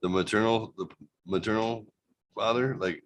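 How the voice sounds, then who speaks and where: Co-host, male, very low voice, rambling joker, loose conversational delivery. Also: steady tone, moderate pace. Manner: rambling, joking, fake ad taglines. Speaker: podcast co-host. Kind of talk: casual banter and storytelling.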